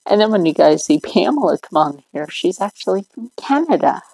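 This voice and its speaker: A woman's voice: lowish voice, big pitch swings, fairly quick, gravelly, mellow, breathy edge, no echo, poor audio. A middle-aged woman hosting a livestream, rambling along in casual chat and laughing often. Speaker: livestream host.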